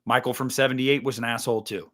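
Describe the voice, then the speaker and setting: A man talking casually about horror films, swearing freely and acting out scenes, jumping into loud bursts. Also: medium pitch, quick pace. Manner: animated, swearing, acts out movie scenes with sudden loud jumps. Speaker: podcast host. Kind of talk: casual movie chat.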